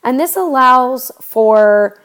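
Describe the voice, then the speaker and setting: A woman's voice: high voice, lively intonation, slow, fairly bright tone, clear, resonant tone. A young adult woman teaching a history lesson, talking casually and explaining step by step with frequent fillers and restarts. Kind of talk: recorded history lecture.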